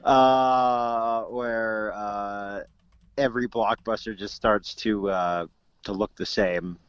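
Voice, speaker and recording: Male co-host, mid-pitched, meandering delivery, muffled dry recording. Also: steady tone, slow pace, smooth, no room sound. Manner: rambling, many restarts and fillers. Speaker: podcast co-host. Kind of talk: casual chat. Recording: dull, dry lo-fi mic.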